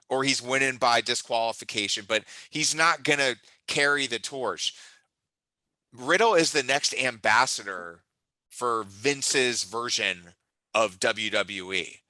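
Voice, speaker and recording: A man's voice: mid-range voice, sharp tone, no room sound, poor audio. A man co-hosting a casual wrestling chat, enthusiastic and teasing, often restarting his sentences. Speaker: podcast co-host.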